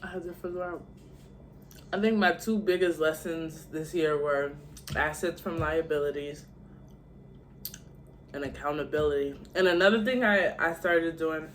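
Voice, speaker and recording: A woman's voice: low-pitched, normal speed, long pauses, a little hiss or hum. A young adult woman vlogging in a candid, slangy and heartfelt way, talking casually to her viewers. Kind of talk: casual chat to camera.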